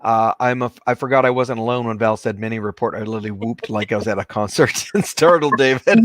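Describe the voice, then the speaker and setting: Brief: energetic male educator, direct to viewers, dry mic. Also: mid-range voice, fast talker, hardly any pauses, no room sound. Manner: enthusiastic, emphatic, addresses listeners directly. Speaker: teacher and co-host. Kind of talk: casual chat.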